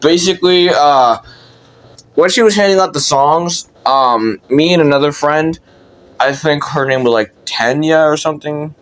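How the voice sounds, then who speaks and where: A man's voice: a little high, moderate pace, fairly bright tone. A young man telling a childhood story in casual, rambling storytelling, with lots of fillers and swearing.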